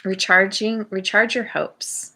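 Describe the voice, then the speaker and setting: A woman giving a tarot reading for her channel, musing aloud in a slow, rambling way with many restarts. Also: mid-range voice, little pitch movement, sharp tone. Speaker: tarot reader.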